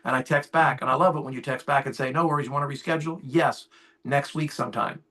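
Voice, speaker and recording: A man's voice: medium pitch, steady tone, quick pace, sharp tone. A man in his fifties, an insurance sales agent, talking on a call. He gets fired up and acts out both sides of his client calls. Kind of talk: casual call talk. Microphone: call audio.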